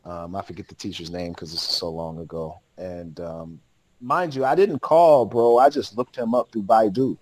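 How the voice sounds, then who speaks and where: A man's voice: low voice, moderate pace, a little mellow, no echo, low-quality recording. A man, a podcast guest, telling a long story in casual, slangy speech with lots of laughter.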